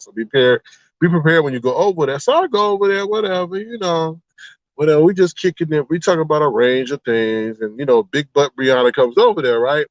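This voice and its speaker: Here a man with a slightly high voice is recorded dry, and the audio sounds dull. Hosting a livestream, he chats casually with viewers about online drama, animatedly performing the exchanges he quotes.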